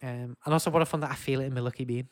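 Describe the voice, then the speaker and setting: Northern English man, podcast co-host, casual rambling chat with fillers, mid-pitched voice. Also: fairly even intonation, very fast. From Wigan, England. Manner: chatty, rambling, hesitant with fillers.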